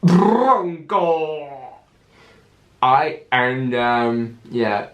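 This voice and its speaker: A man hosts a casual solo podcast in an unhurried, drawn-out way. He stumbles and restarts words as he goes. The sound carries a noticeable room echo. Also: on the high side. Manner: stammering, restarts words often. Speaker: podcast host.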